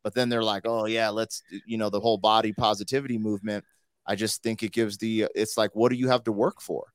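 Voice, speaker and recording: A man's voice: on the low side, steady tone, fast talker, no echo, studio quality. A man hosting a podcast in loose, slangy casual chat, full of "like" and "you know.". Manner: loose and slangy, full of 'like' and 'you know'. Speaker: podcast host.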